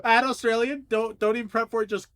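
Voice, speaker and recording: A man co-hosting a podcast in casual chat, excitable and quick to laugh and swear. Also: extremely high pitch. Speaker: podcast co-host reading listener prompts.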